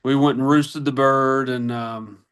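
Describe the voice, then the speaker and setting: A man's voice: mid-range voice, unhurried, clear, resonant tone. A man from Arkansas, a podcast guest telling long, rambling hunting stories in a casual way. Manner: rambling, animated anecdotes. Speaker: podcast guest, turkey hunter. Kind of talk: casual storytelling.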